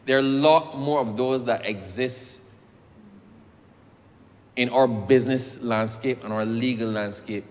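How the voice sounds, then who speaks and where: Speaking a little slowly with long pauses, a medium-pitched man tells a personal story while presenting a bill in parliament. He addresses the chair as "sir" again and again, and the recording carries the echo of the debating chamber.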